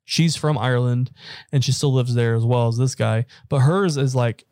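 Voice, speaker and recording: A man's voice: mid-range voice, normal speed, dark tone, no room sound, clean studio sound. A young American man in casual chat, rambling and laughing, swearing now and then. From United States.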